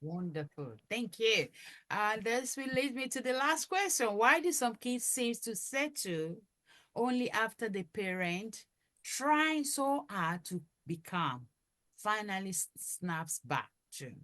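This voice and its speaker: Woman host asking a question, real slow and soft, quiet far-off mic. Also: mid-range voice, very animated. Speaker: interview host.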